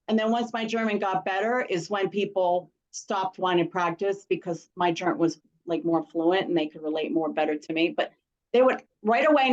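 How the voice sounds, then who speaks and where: A woman chatting on a video call, telling a story in an animated way with frequent laughs. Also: medium pitch. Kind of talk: casual video call chat. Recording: dull lo-fi call audio.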